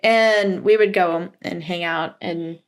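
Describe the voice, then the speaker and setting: A young woman co-hosting a podcast in casual chat, animated and quick to laugh, with dramatic reactions. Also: lowish voice, smooth. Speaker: podcast co-host. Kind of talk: casual chat, reading stories aloud.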